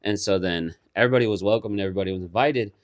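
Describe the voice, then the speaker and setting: A man's voice: lowish voice, racing. Young man rambling through a casual story. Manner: rambling storyteller, swears freely, laughs often. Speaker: podcast co-host. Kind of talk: casual chat.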